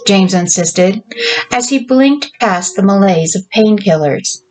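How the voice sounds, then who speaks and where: A woman's voice: mid-range voice, expressive, a little slow, darkish tone, rough recording. A woman author reading her own fiction aloud, with casual asides between passages.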